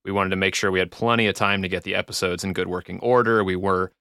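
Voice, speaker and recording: A man's voice: low voice, fairly even intonation, fast, pushed and bright, clean tone, dry recording, studio quality. A man from the US West Coast co-hosting a podcast in casual chat, rambling through long points. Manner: rambling, lots of fillers and restarts. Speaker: podcast co-host.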